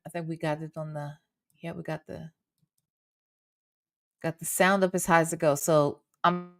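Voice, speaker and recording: A woman's voice: on the low side, pushed and bright, clear, resonant tone, no echo, clean studio sound. A woman hosting a casual livestream from home, chatting with her viewers and swearing casually into a desk microphone. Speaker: reaction channel host.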